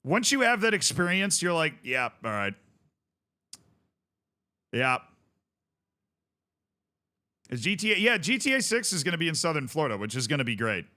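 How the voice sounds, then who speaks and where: A man's voice: on the high side, very animated, fast talker, hardly any pauses, pushed and bright. A man streaming a game, chatting casually with viewers in rambling, jokey asides. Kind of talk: casual gaming stream chat.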